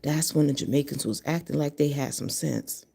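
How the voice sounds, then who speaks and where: A woman's voice: low voice, moderate pace, creaky, warm tone, slightly rough. A woman in her fifties from Connecticut, talking bluntly and profanely in a casual monologue to camera. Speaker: vlogger.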